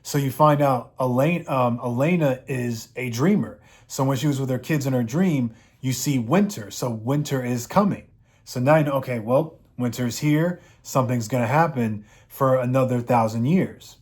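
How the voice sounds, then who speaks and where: A man's voice: medium pitch, normal speed, a little mellow. A man giving a casual, rambling episode recap, with frequent fillers. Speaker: show reviewer.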